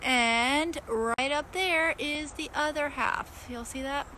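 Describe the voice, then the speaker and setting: A woman films in her backyard on a phone, chatting and coaxing the bees along. Her voice sits fairly high and turns excitable. Faint outdoor noise and buzzing run underneath. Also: slow pace. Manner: excitable, chatty, laughs often, talks to the bees. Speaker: backyard beekeeper. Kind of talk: casual outdoor vlog narration.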